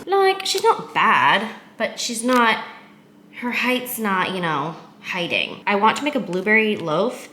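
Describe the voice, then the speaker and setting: A young woman talks through her day in a bright, sharp-edged voice, rambling and poking fun at herself with quick asides. She sounds roomy and a little echoey, as if filmed in a bare apartment kitchen, with a faint hum of background noise. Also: lowish voice. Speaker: vlogger. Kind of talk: casual chatty vlog.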